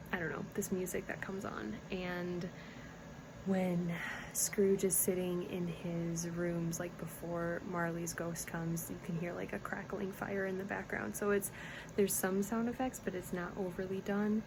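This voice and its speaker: A woman's voice: on the low side, gravelly, noisy background. A woman vlogging casually about knitting, rambling and giggly, often breaking off mid-sentence. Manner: rambling, giggly, self-interrupting. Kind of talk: casual chatty vlog.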